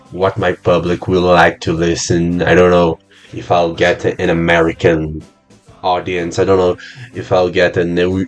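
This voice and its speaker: Young Brazilian podcast host, unhurried and halting, deeper register. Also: male voice. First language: Portuguese. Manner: halting, repeats words, swears casually. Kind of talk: casual solo podcast monologue.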